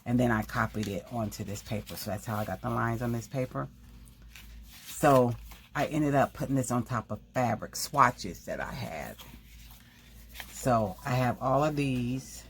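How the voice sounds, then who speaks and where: A woman hosting a craft video, talking quickly in a rambling, casual way and often correcting herself mid-sentence. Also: rumbling low, slight background noise. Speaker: craft channel host. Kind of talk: casual craft tutorial chat.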